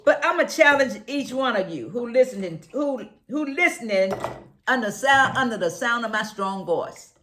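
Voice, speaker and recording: Woman, 70s, higher voice, repetitive preachy vlogger, faint background hiss. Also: expressive, normal speed, a bit bright, echoey room, rough recording. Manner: exclamatory and preachy, repeats phrases. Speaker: health vlogger. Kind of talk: casual chat while juicing.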